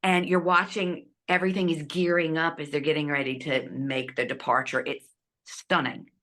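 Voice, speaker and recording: Lively woman telling a story. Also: low-pitched, moderate pace. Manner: animated, acts out quotes, drops to hushed asides. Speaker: guest. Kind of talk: personal storytelling in an interview.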